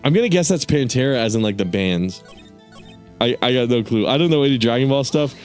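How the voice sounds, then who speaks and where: Young guy streamer, mid-pitched, foul-mouthed, loose and self-mocking. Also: lively intonation, fairly quick, darkish tone, soft background music. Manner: swears a lot, laughs at himself. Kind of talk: casual gaming stream chat.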